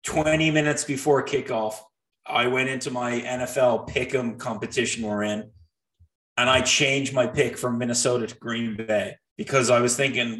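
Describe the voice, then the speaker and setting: A man's voice: mid-range voice, normal speed. Guy going over nfl picks and records, trips over his words a bit, echoey room. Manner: animated, restarts often, talks through stats. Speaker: sports betting co-host. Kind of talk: casual sports betting chat. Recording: roomy echo.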